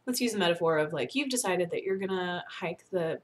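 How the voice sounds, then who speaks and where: A young woman from North Carolina giving casual advice to the camera, chatty and animated, laughing often and acting out what people think. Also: on the low side, brisk. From North Carolina, USA. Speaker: vlogger.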